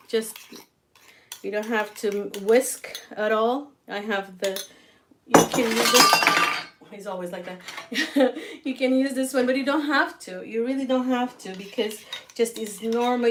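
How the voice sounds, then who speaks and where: A woman with a slightly high voice hosts a live cooking stream from her home kitchen over a noisy background. A native Portuguese speaker, she's chatty, laughs often, and talks straight to viewers despite feeling weak and ill.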